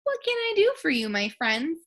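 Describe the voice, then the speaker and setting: A woman voicing a tiny, squeaky, kindly queen of the mice in a storybook read-aloud. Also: very animated, normal speed, fairly bright tone, heavily acted.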